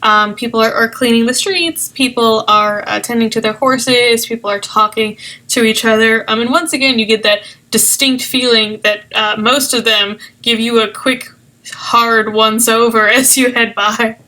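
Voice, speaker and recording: A woman's voice: fairly high pitch, fairly even intonation, moderate pace, bright, forceful tone. A woman narrating as game master in a tabletop game, rambling with many fillers and laughs.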